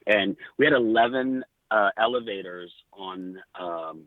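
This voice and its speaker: A middle-aged man, a podcast guest, telling lively backstage stories with quoted dialogue. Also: on the low side, a little slow, no echo. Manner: animated anecdotes with quoted dialogue. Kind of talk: casual storytelling. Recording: tinny phone-like line.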